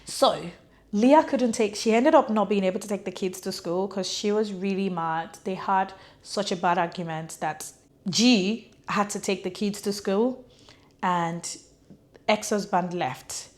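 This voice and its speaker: A woman's voice: mid-range voice, a little slow. A woman recapping a thriller novel in a chatty way, full of "like" and acted-out quotes. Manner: chatty, fills speech with "like", acts out quotes. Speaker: book reviewer. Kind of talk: casual book recap.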